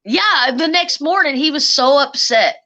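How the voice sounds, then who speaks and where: Woman, middle-aged, casual storytelling, bouncy pitch, teasing. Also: measured pace. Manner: animated, teasing, laughs often. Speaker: guest.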